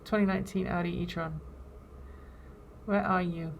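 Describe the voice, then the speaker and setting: A woman with a low, gravelly, animated voice talks at a moderate pace while hosting a live stream. She's a video editor and show host, chatting casually and thinking aloud as she edits.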